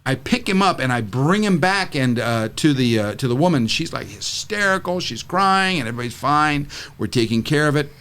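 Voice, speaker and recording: A man's voice: brisk, clear, resonant tone. A middle-aged man from California telling a story in a casual podcast chat, acting out the people he quotes. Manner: animated storyteller who acts out quotes with big pitch jumps. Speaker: regular guest, the show's dad figure. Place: studio.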